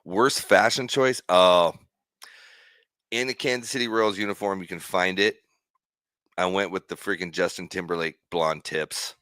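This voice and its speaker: Middle-aged man, very low voice, dry close sound, animated jokey storyteller, casual chat. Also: unhurried, dry recording. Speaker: guest, former pitcher.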